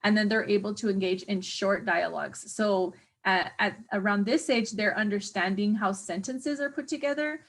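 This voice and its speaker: A woman teaching an exam review lecture, chatty and hesitant, often pausing to search for words with many fillers. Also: mid-range voice. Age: adult parent of a young child. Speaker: teacher educator.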